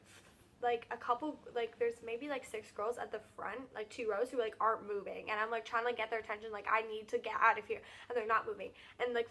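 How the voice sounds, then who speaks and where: A young woman telling a story to camera in a casual vlog, rushing through it with lots of "like". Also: on the high side, bright, forceful tone. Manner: rapid, filler-heavy retelling with lots of "like". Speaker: vlogger.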